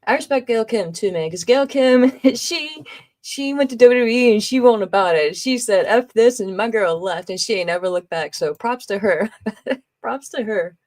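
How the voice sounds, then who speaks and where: A woman's voice: a little high, animated, normal speed, darkish tone. A woman hosting a live podcast stream, reading viewer comments aloud in a loose, chatty way, laughing often and making exasperated asides. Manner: exasperated, eye-rolling asides. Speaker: podcast host.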